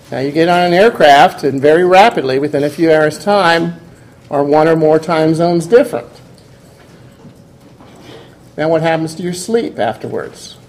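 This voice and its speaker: A man's voice: fairly high pitch, a little mellow. A man giving a classroom lecture, explaining step by step and putting questions to his students.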